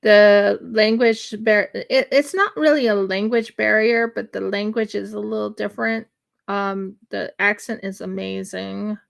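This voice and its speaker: A woman's voice: mid-range voice, fairly even intonation, a little slow, gravelly. A woman hosting her craft livestream, chatting casually and rambling with many fillers and restarts. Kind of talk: casual chat while crocheting on a livestream. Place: home in winter.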